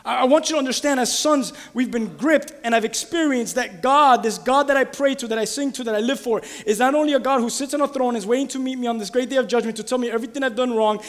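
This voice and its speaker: A man preaching a sermon with passion, asking his congregation direct questions and building to loud, emphatic peaks. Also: very high voice, long reverb tail. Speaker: pastor.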